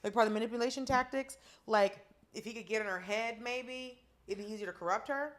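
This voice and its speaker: A woman co-hosting a podcast in casual chat, chatty with playful asides and quick reactions. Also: on the high side. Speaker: podcast co-host.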